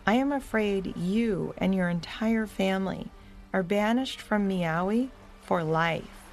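A woman voicing a stern, formal ruler in a children's audio story, speaking gravely. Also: mid-range voice, slow pace, faint music behind.

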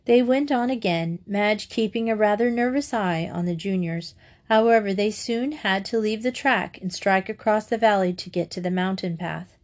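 A woman's voice: mid-range voice, moderate pace, a little mellow. Woman reading a classic school story. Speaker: audiobook reader. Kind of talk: reading a children's novel aloud.

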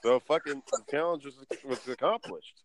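A man's voice: medium pitch, moderate pace, rough recording. A man chatting casually as a podcast co-host, telling stories in a rambling way full of fillers and restarts. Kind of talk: casual chat.

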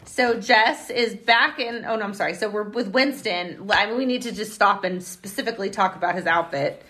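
A woman with a bright, ringing voice walks through a TV episode scene by scene. She talks chattily on a podcast and slips in quick quoted lines as she goes. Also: mid-range voice. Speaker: podcast co-host. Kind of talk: casual TV episode recap chat.

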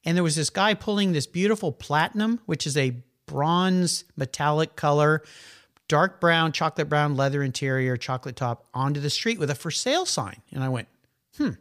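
A man's voice: a little high, normal speed. Chatty middle-aged man telling stories. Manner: animated, chatty, rambling anecdotes. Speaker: guest, car enthusiast. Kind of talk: casual conversational storytelling.

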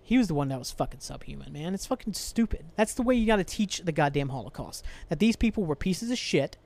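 A man's voice: fairly high pitch, lively intonation, fast, vocal fry, darkish tone. Angry, profane man ranting on a podcast. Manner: angry, profane, rambling rant with sighs. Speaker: podcast host. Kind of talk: solo podcast rant.

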